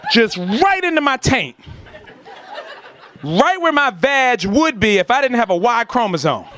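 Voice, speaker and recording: A man doing a stand-up comedy set, telling a story with lively acted-out voices and shouts before a laughing audience. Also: very high voice, unhurried, a little hiss or hum.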